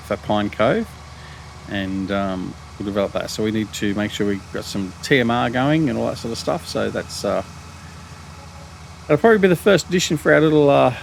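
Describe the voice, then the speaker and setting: A man's voice: medium pitch, creaky, slight background noise. A middle-aged man with an Australian accent, casually talking through a farming game as host, rambling with lots of ums and restarts and poking fun at himself. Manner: rambling, many ums and restarts, self-mocking. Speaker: gaming channel host. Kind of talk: casual gameplay commentary.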